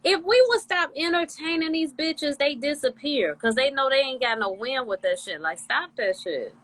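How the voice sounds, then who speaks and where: A woman's voice: high voice, expressive, normal speed, fairly bright tone. A woman co-hosting a casual live stream, chiming in with emphatic, profane agreement. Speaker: co-host. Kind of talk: casual livestream chat. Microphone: phone livestream.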